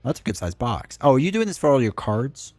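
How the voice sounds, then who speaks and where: A male streamer of average pitch talks casually through a live broadcast, reading chat messages and answering them in a loose, rambling way. His voice sounds dry and close to the mic. Faint music plays behind him. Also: very animated, a little fast, a little mellow, no room sound. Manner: chatty, reads and answers chat, rambling asides.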